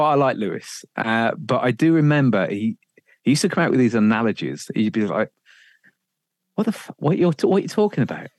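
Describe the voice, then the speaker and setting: A man, a radio presenter, telling career stories in a casual podcast chat, animated, swearing freely and laughing often. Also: on the low side, dry recording, studio quality.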